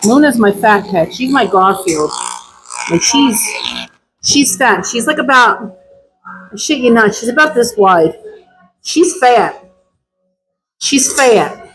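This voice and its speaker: A woman dog groomer chatting casually while she works, telling stories with sudden high exclamations. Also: lively intonation, takes it slowly, long pauses, fairly bright tone, poor audio. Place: grooming salon.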